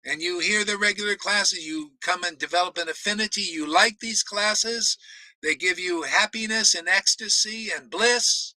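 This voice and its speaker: A man's voice: high-pitched, moderate pace, pushed and bright, dry recording, rough recording. A man preaching a blunt, combative sermon, swearing for emphasis and laughing between remarks. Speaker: spiritual teacher. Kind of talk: ranting sermon.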